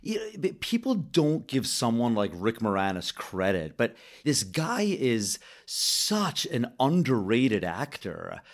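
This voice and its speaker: A young man co-hosting a casual film review podcast, talking in an animated way, swearing casually and stumbling over his words. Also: medium pitch, slow, hardly any pauses. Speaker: podcast co-host.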